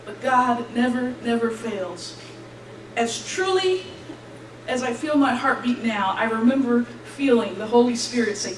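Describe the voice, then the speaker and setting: Standing at a distance from the microphone in an echoing church hall, a young woman who has graduated shares her testimony over a faint hiss. Her high voice is lively, she laughs often, and she voices every character in her story.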